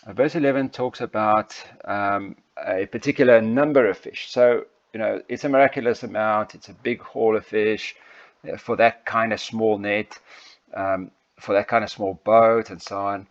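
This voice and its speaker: Man, preacher, lowish voice, hesitant with fillers, sermon, dull muffled recording. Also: fairly even intonation, normal speed. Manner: hesitant, many ums and restarts. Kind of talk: sermon text study with slides. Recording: dull lo-fi sound.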